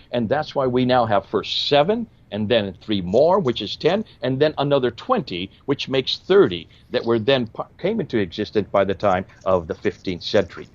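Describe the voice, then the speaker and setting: A man's voice: mid-range voice, big pitch swings, normal speed, hardly any pauses, no room sound, muffled recording. A man explaining at length in a discussion, emphatic and fond of rhetorical questions. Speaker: Christian apologist explaining history. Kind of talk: lecturing discussion.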